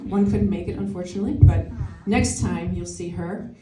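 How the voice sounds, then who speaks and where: A woman's voice: lowish voice, normal speed, over music. Chatty woman doing stand-up, echoey and distant. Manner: chatty, self-deprecating, laughs at own jokes. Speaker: stand-up comedian and emcee. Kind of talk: stand-up comedy set. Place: comedy show venue with live audience. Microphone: no microphone, picked up from afar. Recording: echoey room picked up from a distance.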